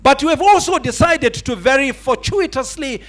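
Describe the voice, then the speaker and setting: A man's voice: very high-pitched, lively intonation, normal speed, a bit bright. A man, hosting an awards night with ornate, grandiloquent wording and a playful storytelling style. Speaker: master of ceremonies. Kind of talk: humorous speech at an awards night. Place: banquet hall at an awards night.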